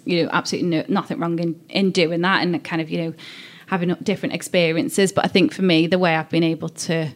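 A woman with a low-pitched voice and a Scouse accent chats easily as an interview guest. She talks in loose, friendly runs, filling pauses with ums and likes. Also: flat delivery. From Liverpool, England. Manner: chatty, warm-hearted storytelling with many fillers. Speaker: interview guest, agency director. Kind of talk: casual podcast interview.

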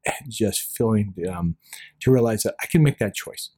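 A man's voice: fairly low pitch, lively intonation, normal speed, dark tone, breathy edge. A man speaking as an interview guest, talking earnestly and often dropping to a near-whisper. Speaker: guest author. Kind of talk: reflective interview talk.

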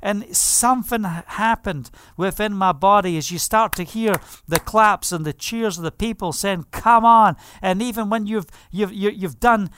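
A man's voice: high-pitched, normal speed, few pauses, fairly bright tone, smooth. A man preaching a sermon, fervent and declaring, mixing personal stories with scripture.

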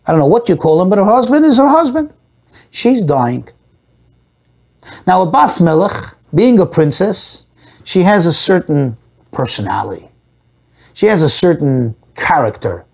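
A man teaching a Torah class, explaining a text with rhetorical questions and Hebrew and Yiddish terms mixed into his English. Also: sits high. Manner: animated, asks and answers his own rhetorical questions.

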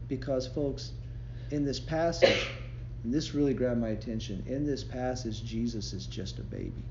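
A man's voice: mid-range voice, background noise. Man preaching in a roomy hall. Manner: conversational, storytelling preaching with laughs. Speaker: devotion speaker. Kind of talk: sermon. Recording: roomy, slightly dull recording with faint ambience.

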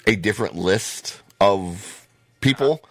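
An American man hosting a podcast in casual, profane chat, his voice hoarse and wearing out. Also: fairly low pitch, takes it slowly, no room sound. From United States. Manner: blunt, profane, laid-back. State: losing his voice. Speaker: podcast host.

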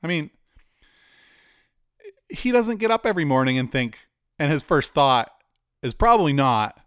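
A man's voice: on the high side, very animated, measured pace, pauses often, a bit bright, clean tone, dry recording, clean studio sound. A man, likely in his forties, telling a candid personal story in a conversational way with asides. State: cancer patient.

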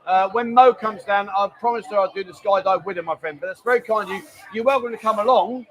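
Chatty man with a high voice. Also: fast, a bit bright. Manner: chatty and joking, reads out viewer messages. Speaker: live stream host. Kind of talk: casual live stream chat. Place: busy bar.

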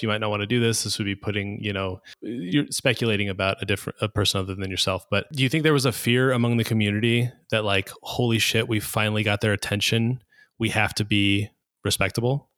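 A man's voice: on the low side, a bit bright, no echo, clean studio sound. A man interviewing a guest, asking careful, hedging questions in a casual conversation.

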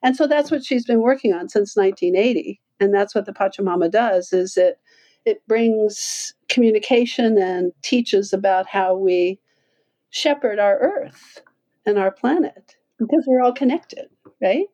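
A woman guest on a podcast, telling a long travel story in lively conversation, laughing often and acting out quoted voices. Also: measured pace, poor audio. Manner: animated, acts out quoted voices with big pitch jumps; laughs often while talking.

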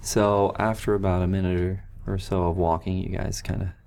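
A man narrates a tabletop game as its game master, his voice very deep with a gravelly fry. He talks in a loose, relaxed way and drops many fillers. Faint room noise sits behind him. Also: fairly quick.

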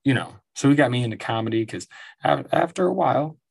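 A man's voice: mid-range voice, expressive, fast talker, creaky, slightly rough. A man in his forties hosting his own show, telling stories in a rambling, profane monologue and laughing often. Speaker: podcast host. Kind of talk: casual monologue. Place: at home.

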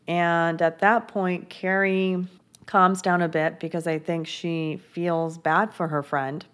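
A young woman with a notably low voice recaps a TV episode. She talks casually and chattily, full of "like" fillers and gossipy asides. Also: fairly even intonation, slow, fairly bright tone, clean tone. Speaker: TV recap host.

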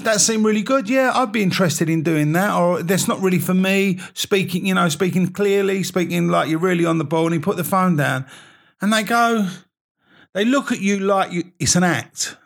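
Gravelly, rambling man. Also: high voice, a bit bright. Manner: rambling, self-mocking, laughs often. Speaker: podcast host. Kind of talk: casual chat.

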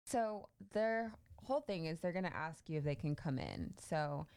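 A woman's voice: sits low, lively intonation, moderate pace, darkish tone, clean tone. A woman hosting a podcast, casually telling a creepy story with lots of fillers. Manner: chatty, many fillers, laughs easily. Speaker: podcast host.

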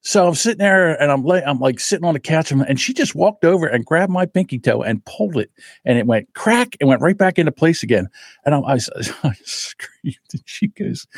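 A man hosting a podcast, telling animated stories, swearing freely and laughing as he talks. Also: fairly high pitch, dry recording, clean studio sound. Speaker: podcast host. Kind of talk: casual storytelling and commentary.

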